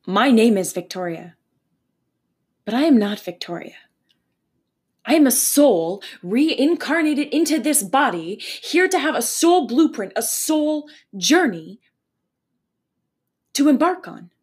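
A young woman from Canada hosting her own spiritual podcast, speaking in an earnest, animated way with casual swearing. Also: on the high side, takes it slowly, long pauses, slightly rough. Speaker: podcast host. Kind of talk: spiritual motivational podcast monologue.

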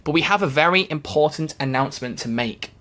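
A man's voice: on the high side, animated, brisk, bright, forceful tone. A man co-hosting a casual podcast chat, joking and making puns as he introduces the show. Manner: playful, jokey, punning. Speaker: podcast co-host.

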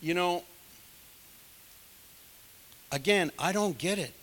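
Male pastor, slightly high bright voice, chatty sermon with frequent asides. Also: takes it slowly. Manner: conversational preaching with many asides.

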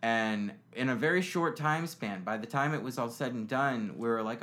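A man's voice: mid-range voice, moderate pace, a bit bright. A young man telling stories on a podcast as a guest, rambling, swearing, with lots of fillers. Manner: rambling, profane, many fillers. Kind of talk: casual storytelling chat.

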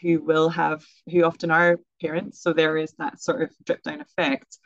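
Young female educator, casual interview guest, quick filler-heavy delivery, dry room. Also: sits low, monotone, no room sound, lo-fi sound. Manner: chatty, quick, many fillers and laughs.

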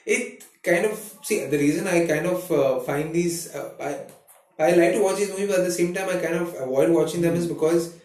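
A man's voice: fairly high pitch, normal speed, darkish tone. A man co-hosting a casual podcast chat, rambling with many restarts as he tells stories. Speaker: podcast co-host. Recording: echoey room, far from mic.

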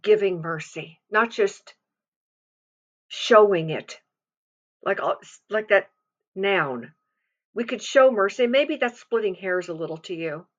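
With a mid-range voice and the high frequencies cut off, a woman delivers an earnest, confiding devotional sermon. She reads scripture and draws on personal experience, restarting her sentences often.

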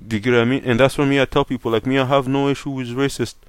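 A man's voice: medium pitch, flat delivery, racing, clean tone, dry recording. A young man from Canada talking in a casual opinion rant, blunt and profane, full of "like" and "fam".

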